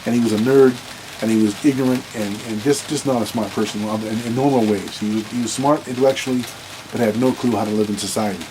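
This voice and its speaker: A man's voice: fairly low pitch, fairly even intonation, fast, background noise. A man giving blunt dating advice in a casual monologue to camera, rambling, restarting sentences and repeating words.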